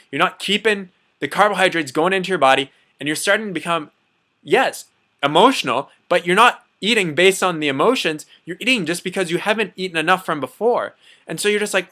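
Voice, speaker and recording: Bright-voiced chatty man vlogging. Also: high-pitched, animated, normal speed. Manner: chatty, repeats himself, lots of "you know". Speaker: diet vlogger. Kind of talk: casual talk to camera.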